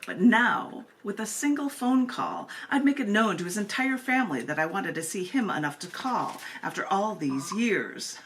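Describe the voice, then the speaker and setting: A woman's voice: mid-range voice, moderate pace, slight background noise. A woman hosting an open mic from home over a video call, reading her own poems with chatty, laughing asides. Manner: animated, laughs often between pieces. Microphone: computer mic on a video call.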